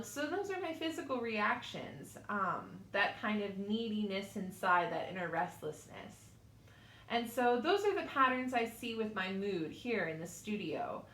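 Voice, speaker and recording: A woman's voice: mid-range voice, bright, forceful tone, roomy sound. A woman instructor giving an online class lecture from a small studio, talking informally with fillers, personal asides and little laughs.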